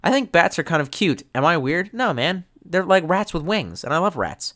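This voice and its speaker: Drunk, foul-mouthed streamer. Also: male voice, a little high, very animated, moderate pace, a bit bright. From United States. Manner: profane, rambling, mock-angry outbursts. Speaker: live streamer. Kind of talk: rambling live-stream chat reading.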